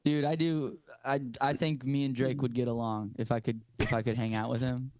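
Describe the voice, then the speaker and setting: A man's voice: mid-range voice, flat delivery, fairly quick, background noise. A young man co-hosting a comedy podcast, chatting casually in a goofy way, laughing mid-sentence and slipping into impressions. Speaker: podcast co-host.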